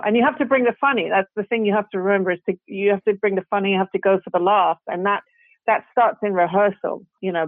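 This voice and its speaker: A British guest actress chats in a casual interview, her medium-pitched voice rambling along with plenty of "you know"s, restarts and laughter. The call audio sounds dry and tinny, like a phone line, with no echo.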